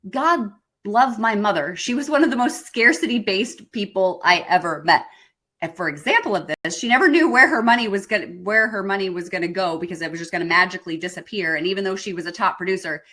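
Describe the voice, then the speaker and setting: Bright-voiced woman telling lively stories. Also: mid-range voice. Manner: lively storyteller, mock-indignant asides, self-correcting. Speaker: speaker giving a talk. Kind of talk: motivational talk with personal stories.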